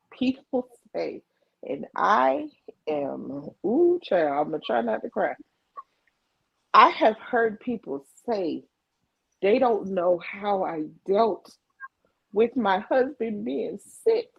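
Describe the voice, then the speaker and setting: A middle-aged woman speaking slowly in a husky voice, hammering points home by repeating herself. Her words land dry and close, with no room sound. The stream audio is a bit dull and lo-fi, as over a video call. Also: medium pitch, big pitch swings, no room sound. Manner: emphatic, repeats phrases for emphasis. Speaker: livestream co-host. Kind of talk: candid conversation. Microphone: video call mic.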